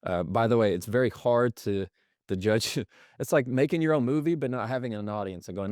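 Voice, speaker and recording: A man's voice: mid-range voice, brisk, darkish tone, no room sound, studio quality. A man on a podcast as a guest, explaining communication habits through everyday examples and acting out the lines people say. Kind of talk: conversational explanation.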